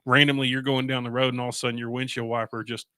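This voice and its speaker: A man, a radio guest telling animated stories in a casual chat and chuckling as he goes. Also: medium pitch, racing, clear, resonant tone, no room sound, clean studio sound.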